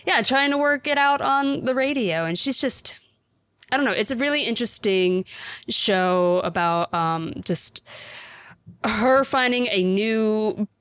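A woman's voice: a little high, lively intonation, unhurried, fairly bright tone, clear, resonant tone, no room sound, studio quality. A woman hosting a podcast, chatting enthusiastically and often breaking into laughter. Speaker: podcast host reviewing anime. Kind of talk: casual chat.

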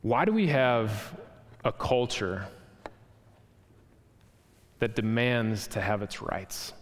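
A man's voice: lowish voice, expressive, slow pace. A man preaching a sermon, earnest, posing rhetorical questions to the congregation. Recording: long hall reverb.

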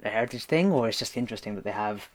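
A man's voice: fairly low pitch, expressive, rapid-fire. A man on a casual podcast, rambling and hedging with lots of fillers. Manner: rambling, hedges with many fillers. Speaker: podcast co-host. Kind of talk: casual chat.

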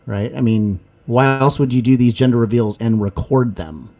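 A man's voice: medium pitch, normal speed. A man co-hosting a podcast, talking in a casual, jokey way. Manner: animated, jokey storytelling. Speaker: podcast co-host. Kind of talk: casual chat.

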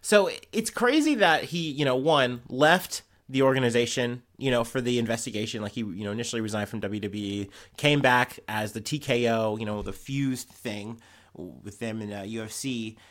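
A podcast host runs through the news in a rambling, profane, heated way, casual commentary delivered in a mid-range, slightly bright male voice at a moderate pace.

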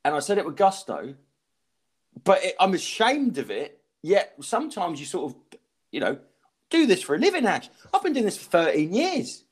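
A man's voice: sits high, wildly swooping pitch, moderate pace, slightly rough. A man in his thirties, a comedian hosting a podcast, telling swear-laden, self-mocking anecdotes in casual chat. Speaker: stand-up comedian and podcast host.

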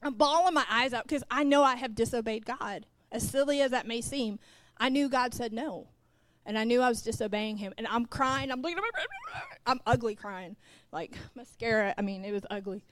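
A woman's voice: on the high side, sing-song, moderate pace, no room sound. A middle-aged woman preaching a sermon from the pulpit. She tells a personal story, acts out the dialogue and speaks straight to the congregation. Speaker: pastor's wife, preacher.

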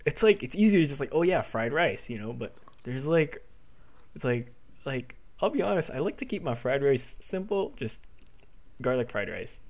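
A man of middling pitch talks as a guest on a casual podcast. He hesitates and restarts a lot, in a relaxed, friendly way. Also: normal speed, creaky. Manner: hesitant, restarts often, laid-back. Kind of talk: casual chat.

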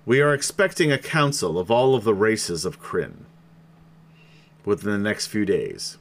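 A man voicing a formal knight lord who presides over a council and speaks in a slow, stately way. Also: lowish voice, big pitch swings, pitched below the performer's own voice, heavily acted. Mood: solemn.

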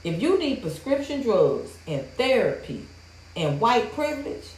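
A woman's voice: a little high, big pitch swings, a little slow, a little mellow. A woman hosting a livestream, ranting in a blunt, profane, heated way to her viewers. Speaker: livestream host. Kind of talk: casual livestream rant. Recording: roomy echo.

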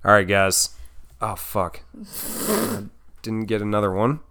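A man's voice: fairly low pitch, little pitch movement, moderate pace, bright, forceful tone, clear, resonant tone. A man co-hosting a podcast in a casual, playful chat, swearing freely. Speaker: podcast co-host.

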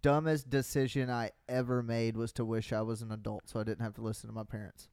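A man's voice: mid-range voice, flat delivery, fast talker, a little mellow, clean tone, dry recording, clean studio sound. A man co-hosting a podcast, teasing and arguing in a stubborn, matter-of-fact way. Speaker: podcast co-host. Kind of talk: casual podcast banter.

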